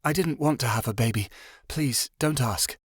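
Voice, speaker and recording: A man voicing a sharp-tongued, irritable young pregnant woman who talks in a sharp, scolding way. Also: a little high, lively intonation, brisk, no echo, clean studio sound, pitched above the performer's own voice. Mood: gentle.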